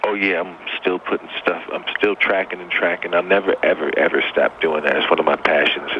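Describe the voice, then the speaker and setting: A laid-back man in his fifties with a very low, deep voice, chatting easily as an interview guest. His voice comes over a dull, lo-fi line. Steady noise sits clearly behind him. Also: brisk. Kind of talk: casual interview chat.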